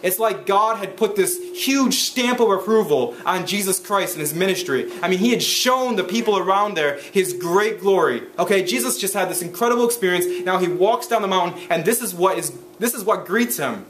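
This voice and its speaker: High-voiced pastor preaching with restarts. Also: male voice, lively intonation. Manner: halting, many restarts and fillers. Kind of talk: sermon. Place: church. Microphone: handheld camera recording.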